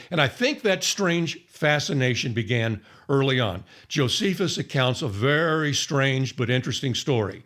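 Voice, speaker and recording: A man's voice: mid-range voice, fairly bright tone. A man teaching on the Bible in a conversational storytelling way, acting out the people he quotes. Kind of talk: sermon-style Bible teaching.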